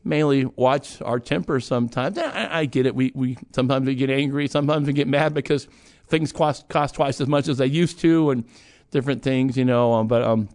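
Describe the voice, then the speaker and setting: A middle-aged man hosts in a casual conversational chat, his mid-range voice carrying a darkish tone at normal speed. He rambles, restarts, uses fillers and chuckles now and then.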